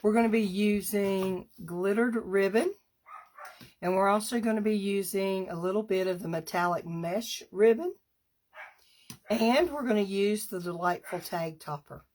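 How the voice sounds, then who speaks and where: A woman demonstrating a paper craft on a live stream, chatty and unhurried, stopping now and then to clear her throat. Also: mid-range voice, a little mellow.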